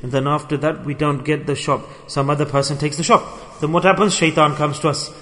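A man giving a sermon, telling a story in a conversational, animated way. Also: on the high side, fairly quick. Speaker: preacher. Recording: long hall reverb.

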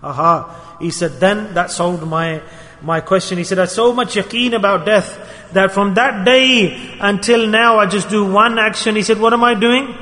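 High-voiced male preacher in a reverberant hall. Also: normal speed. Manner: lively storyteller addressing brothers, acting out quotes. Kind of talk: sermon with storytelling.

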